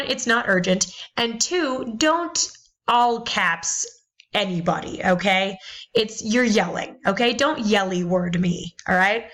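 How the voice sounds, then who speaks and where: A woman's voice: fairly high pitch, a bit bright, poor audio. A woman teaching college English, lecturing bluntly about email etiquette with sarcastic, exasperated asides.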